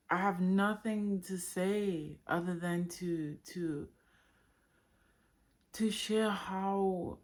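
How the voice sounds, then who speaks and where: A woman speaking in a heartfelt, unscripted monologue, emotional and halting as she searches for words about her inner journey. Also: low voice. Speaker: spiritual vlogger.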